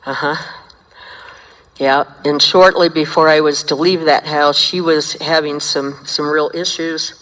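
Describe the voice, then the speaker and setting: An older woman sharing her recovery story at a meeting, telling it in a lively way and acting out the dialogue. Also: sits low, a little slow. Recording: long hall reverb.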